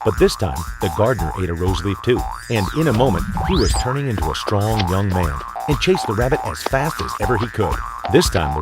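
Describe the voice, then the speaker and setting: Storybook narrator: man, low, steady and vivid, music bed underneath. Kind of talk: storybook reading for children. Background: background music.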